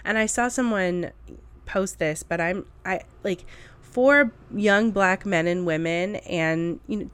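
A woman's voice: on the low side, clear, resonant tone. A woman vlogger giving blunt, emphatic casual commentary to camera, with laughing asides.

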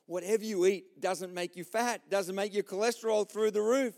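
A man voicing Saint Peter as a calm male gatekeeper of heaven, in a sermon joke. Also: high voice, moderate pace, in a large hall. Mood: reassuring. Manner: calm, reassuring, matter-of-fact. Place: church.

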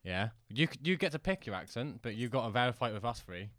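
A man's voice: medium pitch, expressive, fast, crowd noise. A young man joking and laughing through a casual podcast chat. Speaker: podcast co-host.

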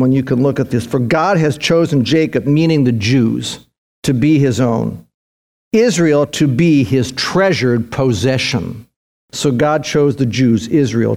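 A man's voice: medium pitch, darkish tone. A man preaching a sermon as pastor, fervent and emphatic, often repeating words and restarting lines as he drives a point home.

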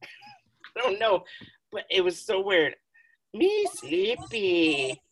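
A woman's voice: medium pitch, takes it slowly, fairly bright tone. A woman co-hosting a casual podcast, telling rambling stories with giggles and plenty of swearing. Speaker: podcast co-host. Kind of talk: casual chat.

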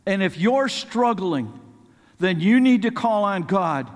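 A man's voice: high voice, animated, unhurried, long reverb tail. A man preaching a sermon, earnest and rising to fervent pleading as he quotes scripture.

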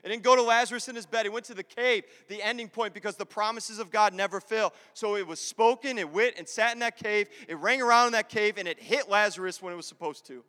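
High-voiced preacher man in a reverberant hall. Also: fast talker, hardly any pauses, sharp tone. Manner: impassioned, repetitive preaching with acted-out prayers. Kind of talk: sermon.

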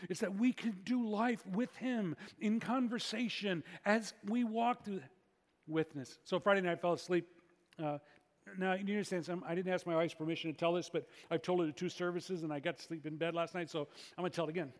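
A man preaching as pastor, telling stories with frequent restarts and hushed dramatic drops. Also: sits high, fairly even intonation, brisk, big-room sound. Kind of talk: sermon.

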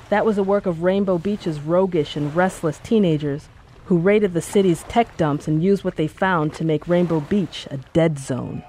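Audiobook narrator, scripted narration, measured, mid-pitched voice. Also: a little mellow, slight background noise.

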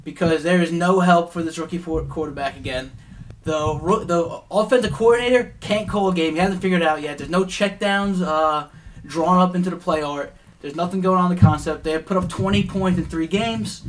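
A man's voice: sits high, fairly quick. A man co-hosting a casual sports betting podcast, rambling and profane, heated about bad play. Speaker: podcast co-host.

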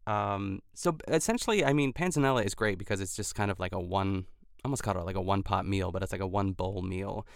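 A man with a low voice talks over a close, dry podcast mic. His tone is smooth but gravelly, with frequent fry. He chats casually, packing his sentences with "like" and restarts. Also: a little fast, no echo. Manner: chatty, lots of "like" fillers and restarts. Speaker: podcast host. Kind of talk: casual recap chat.

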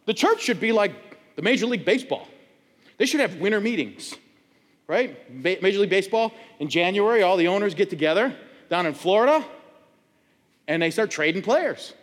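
A middle-aged male pastor preaches in a church, his husky, fairly high voice rising and falling in animated swings. He tells stories and acts out loud quoted voices. The sanctuary's long reverb trails behind every phrase. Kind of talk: sermon.

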